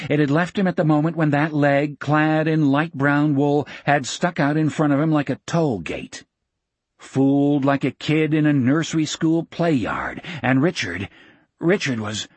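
A man reading an audiobook narration in a measured, expressive way, shifting pace with the action. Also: mid-range voice, breathy edge, no room sound.

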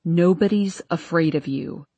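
A woman's voice: lowish voice, measured pace, mellow, husky, no echo, muffled recording. A woman voicing a hostile, mocking teenage boy in an audiobook. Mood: sneering. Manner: taunting, mocking. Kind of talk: audiobook character voice.

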